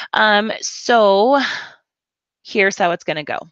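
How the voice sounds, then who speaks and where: A woman reading teacher explaining a lesson plan step by step in a relaxed, conversational way. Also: on the low side, fairly quick, no room sound, highs cut off. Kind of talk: instructional walkthrough.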